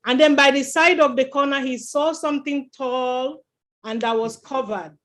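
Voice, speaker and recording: High-voiced woman telling a church children's story. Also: moderate pace. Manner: lively, quizzes the children with questions.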